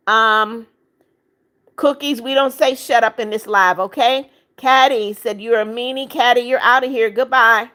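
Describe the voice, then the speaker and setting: A woman's voice: on the high side, steady tone, measured pace, sharp tone. A woman in her seventies hosting a livestream, reading out chat comments, pleading for likes and subscribes, and bluntly scolding rude viewers. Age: 70s. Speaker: livestream host.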